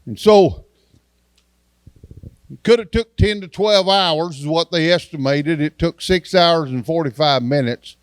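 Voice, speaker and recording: A man's voice: a little high, measured pace, clear, resonant tone, no room sound. A man, an evangelist giving a testimony sermon in a church and acting out the dialogue in his story in a folksy way.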